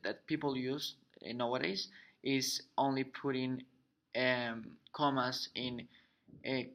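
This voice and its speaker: A young man whose first language is Spanish, haltingly summarizing an English punctuation lesson on a video call, with many fillers and restarts. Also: mid-range voice, sharp tone. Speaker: English learner presenting.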